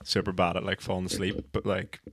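A man's voice: sits low, completely flat delivery, a little fast, fairly bright tone, no echo. A man with a Northern Irish accent, rambling and laughing often as a podcast host in casual chat.

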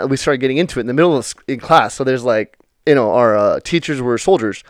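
A man's voice: mid-range voice, fast, no room sound, studio quality. Rambling, profane male podcast host. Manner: rambling and profane, full of "you know" fillers. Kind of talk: unrehearsed storytelling monologue.

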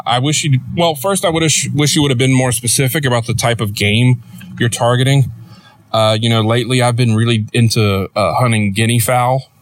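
A man hosting a comedic podcast in a rambling, deadpan, sardonic monologue, recorded near a road. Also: medium pitch, dry recording. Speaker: podcast host. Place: outdoors near a road with passing trucks.

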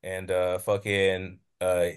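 Laid-back man with a lowish voice. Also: monotone, slow pace, clear, resonant tone. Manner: brief, laid-back interjections. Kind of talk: casual chat.

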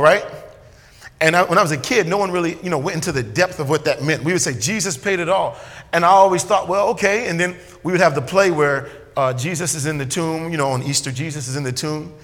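A man preaching a sermon as a pastor, swinging between loud emphatic lines and quiet asides. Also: fairly high pitch, quick pace, long reverb tail.

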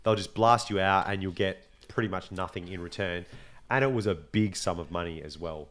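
A man with an Australian accent, co-hosting a podcast in casual chat, telling stories with lively swearing. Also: deep voice, fairly quick. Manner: animated storyteller, swears freely. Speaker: podcast co-host.

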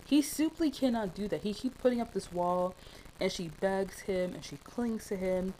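A woman's voice: medium pitch, moderate pace, warm tone, slight background noise, poor audio. A young woman talking through a film in casual, passionate commentary, rambling with many fillers.

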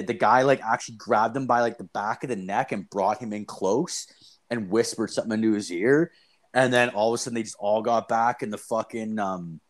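Young adult male podcast host; casual, profane storyteller, mid-pitched, animated when quoting. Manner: rambling, profane, animated retelling with quoted voices.

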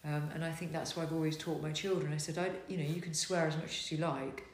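A woman's voice: deep voice, steady tone, fast. A middle-aged woman with a posh English accent, chatting frankly and laughing easily as a podcast co-host. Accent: posh southern English. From Netherlands. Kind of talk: casual chat. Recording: echoey room.

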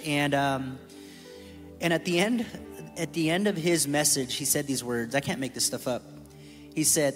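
A man's voice: a little high, a bit bright. A man giving a candid, storytelling testimony from a church stage, joking with the room. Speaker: church staff speaker. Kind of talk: testimony sermon. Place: church sanctuary. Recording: reverberant hall with music.

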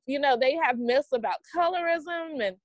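A woman in her forties speaks with a Southern US accent, her voice sitting fairly high. She guests on a podcast in an upbeat, motivational way and calls people "honey." The recording is close and dry. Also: normal speed, dry recording, poor audio. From American South. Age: 40s. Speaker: podcast guest, business coach. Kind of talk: conversational interview.

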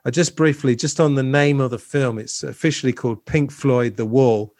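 A man's voice: medium pitch, fairly even intonation, normal speed, darkish tone, dry recording, studio quality. A man hosting a casual film discussion, talking loosely with many fillers and restarts. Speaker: podcast host.

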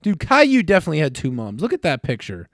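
A man co-hosting a casual podcast, bantering with lots of swearing and excitable outbursts. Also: a little high, fast talker, no room sound, clean studio sound. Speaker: podcast co-host. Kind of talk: casual chat.

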